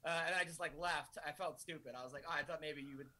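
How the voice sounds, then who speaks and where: A man chatting as a guest comedian, talking in a halting way with repeated words and quoting people. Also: on the high side, steady tone, sharp tone. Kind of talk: casual chat.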